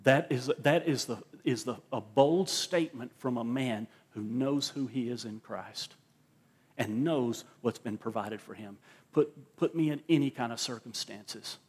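A man's voice: medium pitch, measured pace, a little mellow, husky. A male pastor preaching a sermon at a church service, emphatic and repeating words as he drives his points home.

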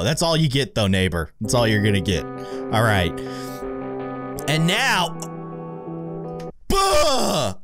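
A man talks through a game in casual commentary, his pitch swooping up and down. He reacts aloud, exclaiming and chatting freely. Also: a bit bright. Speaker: gaming video host.

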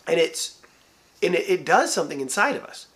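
A man's voice: on the high side, brisk. A man, a pastor, giving a devotional church talk and acting out little imagined conversations as he goes. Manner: animated, acts out imagined dialogue.

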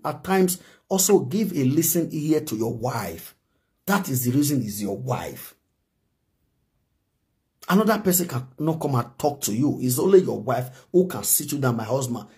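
A Nigerian man talks straight to camera for a gossip vlog, urging and pleading in a preachy way. His voice is mellow and dark, sitting at an ordinary male pitch. He circles back to the same points over and over. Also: animated, moderate pace. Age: adult, married. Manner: preachy, pleading, repeats himself. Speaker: gossip commentator. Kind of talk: pidgin commentary vlog.

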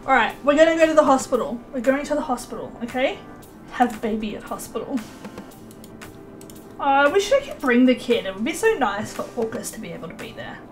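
Soft music plays behind a young woman hosting a let's play of a life-sim game. She has a high voice and commentates in an excitable, chatty way, slipping into quick character voices.

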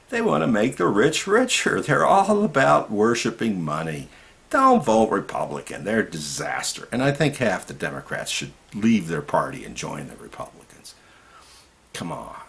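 A man with a low, gravelly voice talks straight to his audience in an impassioned monologue. His pitch leaps up on indignant outbursts and sinks low when he mutters asides, so the delivery swings widely throughout. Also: a bit bright. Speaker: activist vlogger.

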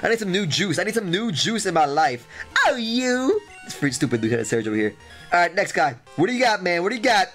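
Excitable trash-talking young gamer. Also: male voice, sits high, quick pace, soft background music. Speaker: let's play host. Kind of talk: game commentary.

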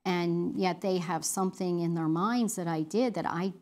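A woman's voice: lowish voice, moderate pace, a little mellow. A middle-aged woman leading a women's Bible study, talking earnestly and conversationally with fillers and restarts.

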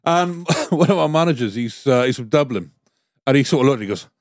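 A man's voice: mid-range voice, brisk, dry recording, studio quality. A man from the telling sweary stories in casual banter on a podcast, often laughing and slipping into other people's voices. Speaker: podcast co-host. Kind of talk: casual banter among mates.

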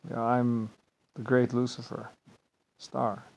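A man's voice: mid-range voice, flat delivery, slow, creaky, low-quality recording. Grandiose, rambling man talking solo. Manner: meandering, repeats "like I said", swings between loud and quiet; grandiose, self-assured. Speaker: vlogger.

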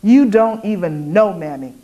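A woman's voice: mid-range voice, expressive, a little slow, warm tone, highs cut off, close to an everyday voice. A woman voicing a fierce, defiant young enslaved woman who taunts and grieves in dialect. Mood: taunting.

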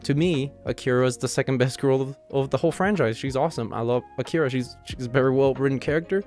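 Excitable male manga reviewer. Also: mid-range voice, fast, faint music behind. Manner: enthusiastic, rambling, heavy use of "you know" and "like". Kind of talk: casual chapter review.

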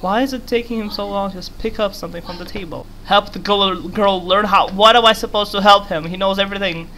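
A woman's voice: mid-range voice, fairly even intonation, a little fast, a bit bright. A young woman giving casual, giggly commentary while playing a game, rambling and talking to the character on screen. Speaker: gaming YouTuber.

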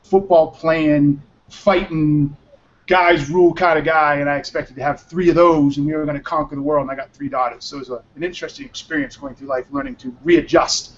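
A man's voice: on the high side, brisk, vocal fry. Tired, rambling male show host. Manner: rambling, loose and profane. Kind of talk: casual live web show chat. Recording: dull lo-fi stream audio.

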